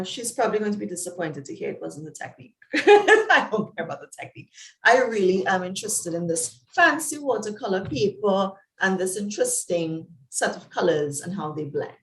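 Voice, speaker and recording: A Trinidadian woman, a psychologist, talks in an interview as an animated storyteller, laughing and jumping up and down in pitch. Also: reverberant, rough recording. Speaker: psychologist guest. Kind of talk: conversational interview.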